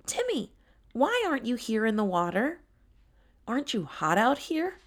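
Woman doing a friendly boy tiger, kinda high, storybook voice. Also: very animated, normal speed. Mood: curious. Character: young male tiger, friendly and kind.

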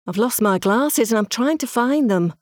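A woman voicing a gentle, polite male crocodile who has lost his glasses, in a storybook reading. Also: a little high, animated, moderate pace, no room sound, studio quality, voice pushed up, close to an everyday voice.

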